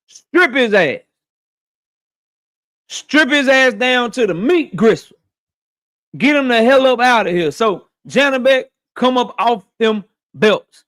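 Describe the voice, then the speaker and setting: High-voiced profane boxing talk host. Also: male voice, a bit bright. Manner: profane, blunt, repeats lines for emphasis. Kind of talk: casual opinionated commentary.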